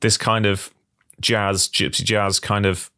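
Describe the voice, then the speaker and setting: A man with a somewhat low voice hosts a casual podcast chat. He asks long, thoughtful questions and often restarts and repeats his words as he goes. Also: flat delivery, takes it slowly, sharp tone. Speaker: podcast host.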